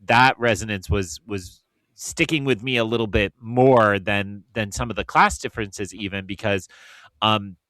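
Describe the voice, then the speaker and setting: A man's voice: on the low side, moderate pace, a bit bright, dry recording. A man guesting on a film podcast in casual chat, thoughtful and dryly teasing.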